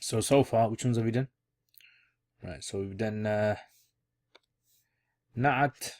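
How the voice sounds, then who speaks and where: A man's voice: on the low side, slow, darkish tone. A man teaching an online Arabic grammar lesson in a casual, repetitive way, restating each key term as he explains it. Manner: casual, repeats key terms, thinks aloud while explaining.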